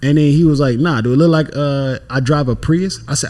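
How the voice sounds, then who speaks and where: A man's voice: fairly high pitch, a little fast, dark tone. A young man, a podcast guest, telling a story casually and animatedly, acting out what people said and swearing freely.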